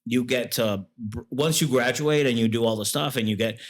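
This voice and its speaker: A man's voice: medium pitch, normal speed. A man talking as an interview guest, a military veteran telling stories in a rambling way with many fillers and restarts. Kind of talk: casual storytelling.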